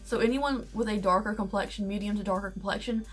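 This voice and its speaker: A woman's voice: mid-range voice, steady tone, fast talker, slightly rough. Young woman, candid and chatty, casual beauty review; faint music under her. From United States. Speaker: beauty vlogger.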